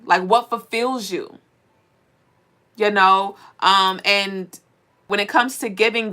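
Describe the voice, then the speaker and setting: A woman's voice: mid-range voice, a bit bright. A woman hosting a live spiritual card reading, talking bluntly and preachily and swearing now and then. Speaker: spiritual reader.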